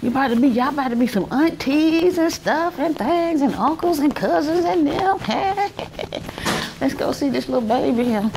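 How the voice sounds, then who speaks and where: Holding her phone as she moves through a hospital's corridors and rooms, this middle-aged Southern vlogger from Alabama talks directly to viewers in a chatty, casual way, clearly worn out. Her voice is high and a little slow, with lively intonation and a darkish tone; the phone mic picks up noisy hospital ambience.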